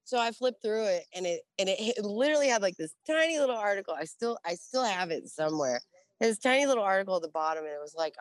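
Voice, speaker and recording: A middle-aged woman guest casually telling a profane story about her Navy years, acting out the dialogue with animated energy. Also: mid-range voice, fast, no echo. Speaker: guest, former Navy religious program specialist.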